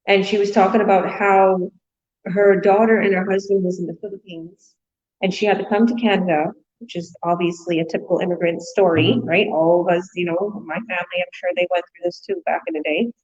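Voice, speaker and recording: A woman's voice: fairly low pitch, fairly even intonation, a little fast, a little mellow, lo-fi sound. A woman hosting a casual online business chat, upbeat, encouraging and rambling as she talks. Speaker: host.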